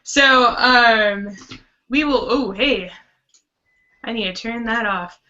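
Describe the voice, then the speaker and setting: Female podcast host, bright tone, casual and talkative, lo-fi audio. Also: a little high, slow, slight background noise. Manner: chatty, rambling, with restarts. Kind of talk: casual live-stream chat. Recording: muffled web call audio.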